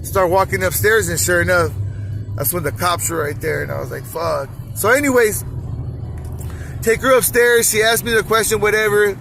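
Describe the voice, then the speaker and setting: A man with a high, light voice tells a story in a loose, rambling way. He swears freely, says "you know" a lot, and sounds streetwise. Loud music plays behind him inside a car. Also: fairly even intonation, moderate pace, gravelly. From Los Angeles. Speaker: vlogger telling a neighborhood story. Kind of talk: casual storytelling.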